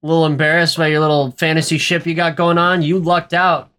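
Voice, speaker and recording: A man's voice: a little high, flat delivery, fairly quick, pushed and bright, clear, resonant tone. A young man casually recapping a movie, rambling and joking crudely with lots of fillers. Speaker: podcast co-host.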